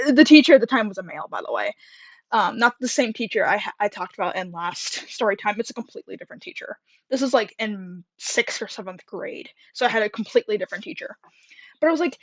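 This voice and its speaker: A young woman chats through a story time, rambling and filling pauses freely. She is a little out of breath and pitched slightly high. The recording is dull and dry, with a close, muffled sound. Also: expressive, breathy edge, no room sound. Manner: chatty, rambling, many fillers and laughs.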